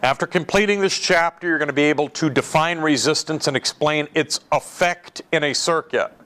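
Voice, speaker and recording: A man's voice: on the high side, moderate pace, sharp tone. Guy teaching an electronics class, chatty lecture style, repeats the key words, asks the room questions.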